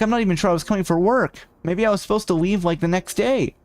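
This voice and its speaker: A man's voice: sits high, expressive, fast, few pauses, a little mellow. Guy streaming a game, sarcastic and rambly, riffs on the story, faint music under him. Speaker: VTuber streamer. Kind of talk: casual let's-play commentary.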